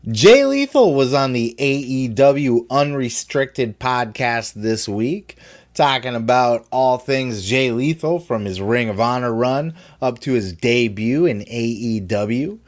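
A man hosting a wrestling podcast, talking in a blunt, profane, animated way. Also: mid-range voice, slow. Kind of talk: casual opinionated commentary.

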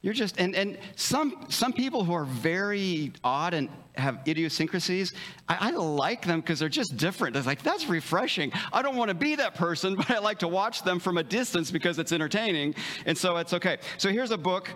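A man's voice: sits high, animated, a bit bright. A male pastor preaching a casual, joking sermon, full of restarts and acted-out bits of dialogue. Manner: conversational, joking, with many restarts and stammers; acts out quick dialogue in livelier voices.

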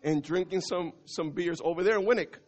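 A man preaching a passionate sermon as pastor, swinging between loud and hushed and dropping in Spanish phrases. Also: high-pitched, brisk, soft background music.

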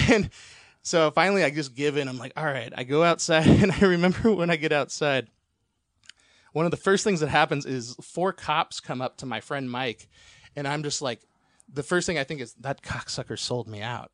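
A man's voice: on the high side, moderate pace, no room sound, clean studio sound. A man telling a long, rambling personal story as a podcast guest, laughing often and swearing freely.

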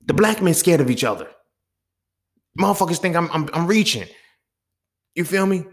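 A man's voice: a little high, lively intonation, moderate pace, long pauses. A man hosting a podcast, ranting heatedly in a casual monologue full of profanity and street slang. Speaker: podcast host.

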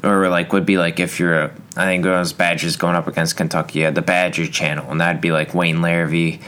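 A man's voice: low-pitched, little pitch movement, brisk, fairly bright tone, a little hiss or hum. A young man hosting a solo podcast, rambling through a casual rant with lots of fillers and restarts. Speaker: podcast host.

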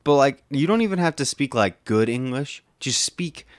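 Opinionated young man ranting, lively pitch. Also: normal speed, dry recording. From United States. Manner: opinionated, ranting, mumbled words. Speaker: podcast co-host. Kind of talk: casual chat.

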